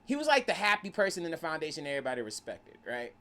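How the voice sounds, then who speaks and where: Excitable man with a lively pitch. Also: rapid-fire. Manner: excitable, slangy storyteller. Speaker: podcast host or guest. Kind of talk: casual podcast chat.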